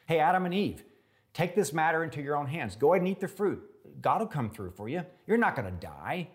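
A man's voice: fairly high pitch, very animated, a little fast, voice pushed up. A man voicing the devil as a sly male tempter, needling his listener with mocking questions. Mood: taunting.

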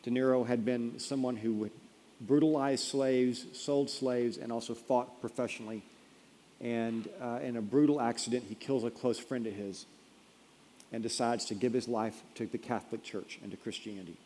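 A man preaching a sermon, telling a story and then pressing the point, rising to emphatic peaks and dropping quiet. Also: mid-range voice, fairly even intonation, normal speed, slight background noise. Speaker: pastor. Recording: long reverb of a large hall.

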